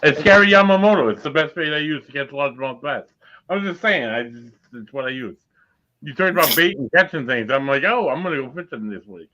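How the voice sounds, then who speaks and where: A man's voice: medium pitch, expressive, a little fast, bright, forceful tone, muffled recording. A man hosting a podcast, rambling through a show wrap-up with many ums. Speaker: podcast host.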